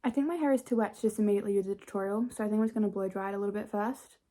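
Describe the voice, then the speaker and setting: A young woman talks through her night routine at home, chatty and playful. She pokes fun at herself, and her pitch sits in an ordinary middle range. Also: fairly even intonation, rapid-fire, dark tone. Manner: chatty, playful, self-mocking. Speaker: vlogger. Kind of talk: casual vlog narration. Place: bedroom at home.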